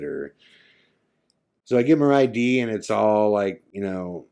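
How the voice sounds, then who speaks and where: A man's voice: on the low side, big pitch swings, a little slow, pauses often, dark tone, clean tone. A man from California, a podcast host, vividly telling a first-person ghost story and acting out the lines of the people in it. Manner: vivid, acts out his own and others' lines. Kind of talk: dramatic storytelling.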